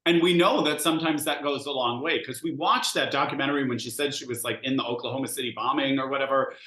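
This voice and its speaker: A man co-hosting a podcast in casual chat. He is agreeable, chatty and quick to laugh. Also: medium pitch, sharp tone, echoey room. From Chicago area. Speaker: podcast co-host.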